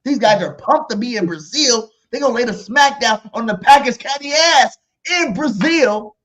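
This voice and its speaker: Hyped man shouting his sports hot takes. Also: extremely high pitch, normal speed. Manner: loud, animated, repeats his hot takes. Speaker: podcast co-host. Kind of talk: hyped sports podcast chat.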